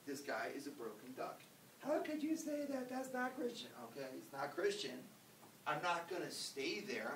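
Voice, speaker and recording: A man, a priest, giving an informal, conversational ethics lecture and acting out examples. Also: a bit bright. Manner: conversational, emphatic, acts out examples. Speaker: Catholic priest teaching ethics. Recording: roomy, distant mic, faint rumble.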